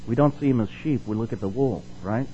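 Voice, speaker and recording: Guy preaching a sermon, reads scripture loud n asks the folks questions, kinda dull lo-fi recording. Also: medium pitch, fast, a little hiss or hum. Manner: reads scripture aloud with rising force, asks the congregation questions. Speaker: pastor.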